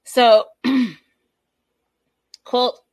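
A woman's voice: on the high side, fairly even intonation, drawn-out words, darkish tone, dry recording. A woman chatting through a reality show recap, gossiping and speaking straight to her viewers. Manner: gossipy, addresses viewers directly.

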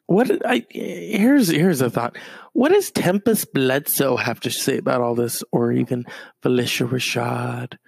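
Gravelly, rambling man ranting. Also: medium pitch, expressive, unhurried, a little mellow, no room sound. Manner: profane, rambling, full of fillers. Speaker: comedic commentator. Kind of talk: comedic rant.

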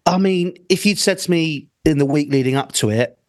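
A man's voice: on the high side, moderate pace, dry recording, studio quality. A man appearing as a guest on a football podcast, talking casually in a wry, teasing way.

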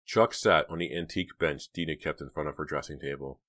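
A man narrating a teen horror novel as an audiobook reading, measured in his storytelling. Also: very deep voice, fairly even intonation, a bit bright.

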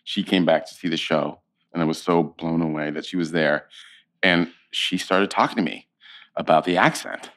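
A man being interviewed, telling stories in a casual, animated way with plenty of restarts. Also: low-pitched, normal speed. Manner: animated storyteller, slips into quoted voices. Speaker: actor, interview guest.

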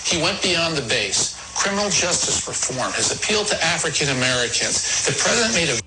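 A man's voice: on the high side, very animated, a little fast, sharp tone, faint music behind, rough recording. A man giving confident political analysis, point by point, in a clip played on air. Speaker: political commentator.

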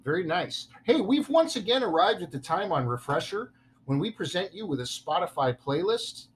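A man's voice: high voice, very animated, moderate pace, slight background noise. A man hosting a casual podcast, joking and stumbling over his words now and then. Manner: playful, self-deprecating, stumbles over words. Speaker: podcast host.

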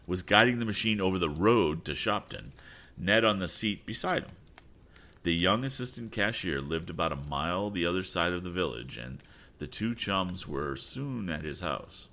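A man reading a storybook aloud, animated and sometimes stumbling over words. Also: low voice. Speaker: audiobook reader. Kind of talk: storybook narration.

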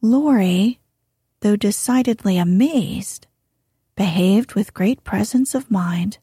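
A woman narrating a classic novel as an audiobook in a gentle, measured reading. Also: medium pitch, husky, no room sound, clean studio sound. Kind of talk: scripted narration.

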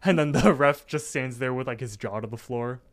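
Podcast guy retelling a cartoon episode, smooth voice, lots of ums and likes. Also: medium pitch, normal speed. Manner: rambling, many fillers and restarts. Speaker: podcast co-host. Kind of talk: casual episode recap.

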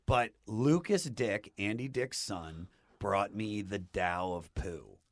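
Low-voiced man telling a rambling story. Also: takes it slowly, no echo. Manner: rambling, animated storyteller with restarts. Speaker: podcast guest. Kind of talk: casual storytelling chat.

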